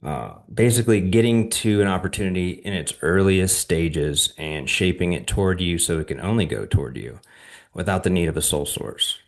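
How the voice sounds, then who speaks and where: Deep-voiced male host, relaxed advice talk, conversational and direct. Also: moderate pace, vocal fry. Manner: conversational, often checks in with "all right?". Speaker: channel host and defense contracting advisor. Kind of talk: casual instructional talk to viewers.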